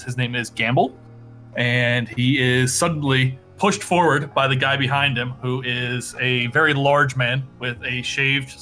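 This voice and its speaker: A man in a tabletop game describing characters in a measured way. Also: mid-range voice, bright, forceful tone. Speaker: player.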